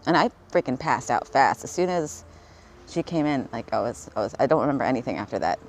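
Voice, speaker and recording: A woman's voice: extremely low pitch, lively intonation, a little fast, a little mellow, slight background noise, poor audio. A woman vlogging in a rambling, casual way, swearing freely, laughing often and smoking while she talks. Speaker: spiritual vlogger.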